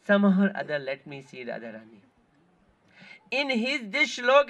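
High, pushed and bright, the man's voice carries an earnest devotional talk for pilgrims he is guiding around holy sites. He repeats himself often and pauses to hunt for words.

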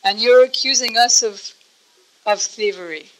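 A woman's voice: a little high, unhurried, lightly acted, low-quality recording. A woman speaking as teasing young cowherd girls, mocking and sarcastic.

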